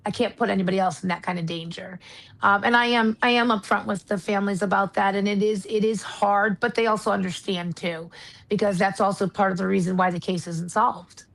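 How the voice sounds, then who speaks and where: An American woman guest talks in an earnest, measured way. Her voice sits at an ordinary middle pitch, and she speaks candidly about her work as a retired marshal turned investigator. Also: fairly even intonation, gravelly, fairly bright tone, poor audio. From United States. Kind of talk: casual interview talk.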